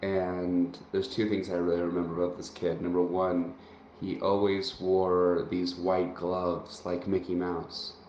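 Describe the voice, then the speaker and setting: A man, a chess master guest, telling a childhood anecdote in a relaxed way with some fillers. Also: low-pitched, a little slow, slight background noise. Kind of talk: casual anecdote. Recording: muffled roomy remote recording with faint ambience.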